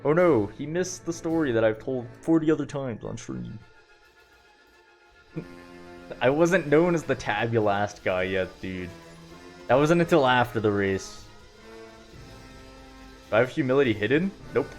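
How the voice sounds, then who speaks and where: A man's voice: medium pitch, animated, measured pace, long pauses. Young man, streamer, casual storytelling, rambling, lots of fillers, faint background music. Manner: rambling, filler-heavy, self-deprecating.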